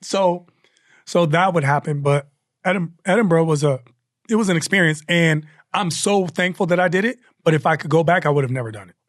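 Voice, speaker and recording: A male comedian guest telling stories in a casual, animated chat, full of quick asides and restarts. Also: a little high, dry recording, clean studio sound.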